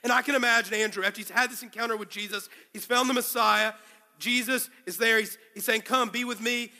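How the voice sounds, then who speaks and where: A male pastor preaching a sermon to a congregation, telling the story with animated, acted-out quotes. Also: sits high, quick pace, long reverb tail. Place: large room with a congregation.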